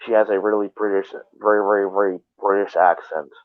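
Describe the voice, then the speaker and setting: A man hosts a live stream, rambling through casual chat full of swearing and restarts. His voice sits low. It comes over a thin, phone-like line with no room sound at all. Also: steady tone, a little fast, dry recording. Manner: rambling and profane, with many restarts.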